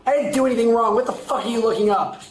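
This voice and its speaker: Woman in cuffs, combative and profane, caught on bodycam far from the mic in a boomy space. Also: fast talker, a little mellow. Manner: belligerent, swearing, rambling. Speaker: woman being arrested. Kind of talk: shouting at police on bodycam. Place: police arrest scene. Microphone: police body camera. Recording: echoey far-off bodycam audio with faint noise.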